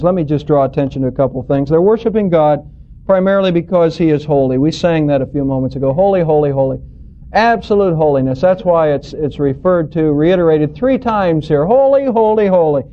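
High-voiced pastor teaching a sermon. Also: male voice. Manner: earnest, storytelling, emphatic. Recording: dull lo-fi recording.

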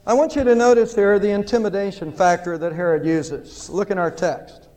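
A man's voice: high voice, moderate pace, a little mellow, big-room sound, poor audio. A man preaching a sermon to his church, emphatic and storytelling as he teaches. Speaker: pastor. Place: church sanctuary.

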